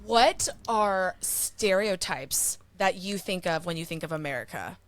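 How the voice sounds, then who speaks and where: A woman's voice: fairly low pitch, expressive, measured pace. A woman hosting a podcast, bubbly and chatty, poking fun at herself. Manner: bubbly, chatty, self-deprecating. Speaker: podcast host. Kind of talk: casual podcast chat.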